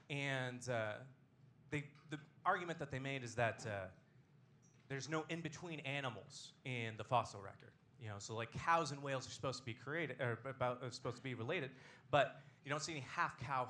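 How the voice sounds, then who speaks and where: On a comedy club stage, a man hosts the show and performs a stand-up set, his delivery deadpan and self-deprecating. His voice is medium in pitch, with slight noise in the background.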